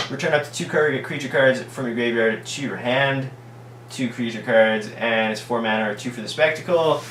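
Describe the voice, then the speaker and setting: A man reading trading card text aloud and lavishing tongue-in-cheek praise on each card. He speaks at an ordinary middle pitch, set back from the microphone. The room is echoey, with a faint hum underneath. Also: fairly bright tone, distant mic. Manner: mock-enthusiastic, ironic over-praise of every card. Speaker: card game reviewer.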